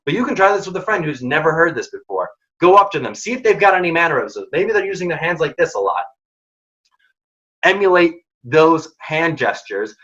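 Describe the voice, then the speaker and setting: A man's voice: fairly high pitch, fairly bright tone, dull audio. A man hosting a career workshop, giving direct, emphatic advice in short punchy lines. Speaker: program founder and workshop host.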